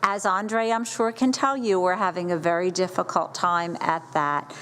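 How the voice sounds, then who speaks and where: A woman's voice: lowish voice, steady tone, moderate pace, in a large hall, slight background noise. Woman delivering a praising tribute. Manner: warm, praising, lightly joking. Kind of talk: formal tribute at a meeting. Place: school board meeting room.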